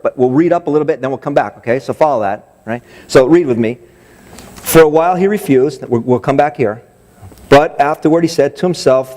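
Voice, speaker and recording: A man's voice: mid-range voice, darkish tone. A man preaching a sermon as pastor, telling a story with emphatic repetition and frequent restarts. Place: church sanctuary.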